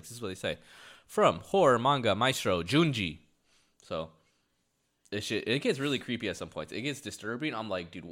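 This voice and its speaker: A man co-hosting a casual podcast, swearing freely and retelling a story with animated quoted lines. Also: fairly low pitch. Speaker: podcast co-host. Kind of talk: casual chat.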